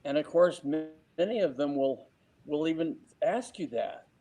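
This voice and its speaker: Mellow-voiced man giving sales advice. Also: on the high side, moderate pace, low-quality recording. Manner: lively, acts out client exchanges. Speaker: real estate sales trainer. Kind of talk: interview advice.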